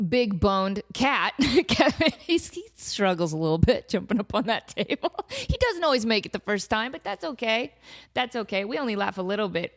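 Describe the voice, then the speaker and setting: A woman hosting a casual comedy podcast, animated and laughing often as she riffs and quotes her cat. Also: mid-range voice. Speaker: podcast host. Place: home in desert valley.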